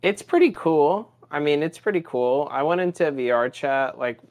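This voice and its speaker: A man's voice: fairly high pitch, animated, moderate pace, darkish tone. A young man co-hosting a casual podcast, telling rambling, profane stories and acting out his own rants. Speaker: podcast co-host.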